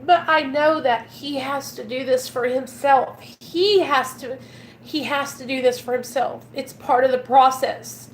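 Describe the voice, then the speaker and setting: A woman's voice: sits high, measured pace. A woman from Arkansas with a Southern accent, talking earnestly and emotionally to her viewers about recovery from addiction, from inside a car. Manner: earnest, emotional, sometimes near tears. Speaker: recovery vlogger. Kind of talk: heartfelt casual talk to viewers.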